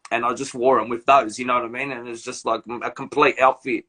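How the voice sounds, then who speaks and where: Aussie dude on a live stream, bright voice, slangy storytelling. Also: male voice, medium pitch, flat delivery, quick pace. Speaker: host. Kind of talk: casual live-stream chat. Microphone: phone or laptop on a live video call.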